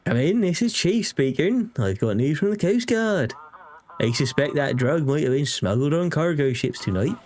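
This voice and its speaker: A man's voice: a little high, animated, normal speed, a little mellow, voice pushed up, close to an everyday voice. A brusque harbour chief, put on by a man, hands out orders over the radio in a game. He is dismissive and businesslike. The delivery is a read-aloud of game dialogue, only lightly disguised. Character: gruff male harbour chief giving orders.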